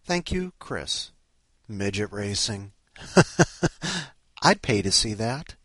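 A man's voice: lowish voice, big pitch swings, slow pace, fairly bright tone, no echo, studio quality. A man hosting a podcast, rambling casually with lots of swearing and self-mocking grumbles. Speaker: podcast host.

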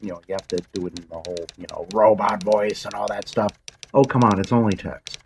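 A woman's voice: a bass voice, a little hiss or hum, poor audio. A woman hosting her channel, rambling through a casual monologue with blunt, self-deprecating asides and the odd swear. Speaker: channel host.

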